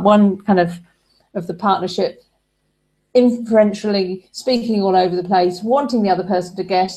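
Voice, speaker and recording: A woman's voice: medium pitch, a little mellow. A woman giving a relationship advice talk, explaining ideas through everyday examples.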